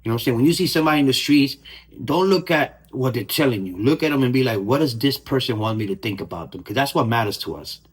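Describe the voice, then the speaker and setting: A man's voice: medium pitch, expressive, quick pace, breathy edge. A middle-aged man hosting a podcast, telling stories in casual street slang and acting out the people he quotes. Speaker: podcast host. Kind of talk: casual storytelling monologue.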